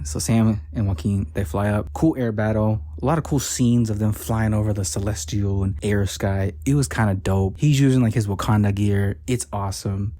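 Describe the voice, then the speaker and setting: A man's voice: on the low side, a little fast, hardly any pauses, dark tone, no room sound. A man casually recapping a movie plot, rambling with lots of fillers and joking asides. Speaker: movie reviewer.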